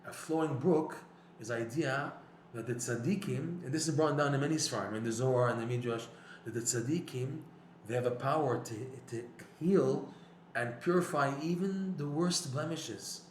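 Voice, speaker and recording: Guy giving an excited torah class, acts out the quotes, echoey room, bit of hiss. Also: medium pitch, normal speed. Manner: storytelling, acts out quotes, rising emphatic bursts. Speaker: Torah teacher. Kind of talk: animated religious lecture. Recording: echoey room with faint noise.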